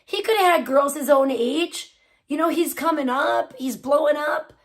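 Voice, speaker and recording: A high-pitched woman talks straight to her livestream chat. She swears freely and speaks bluntly and heatedly, like she's venting to friends from a home streaming setup. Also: moderate pace. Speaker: livestream host. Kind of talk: casual live-stream chat with viewers.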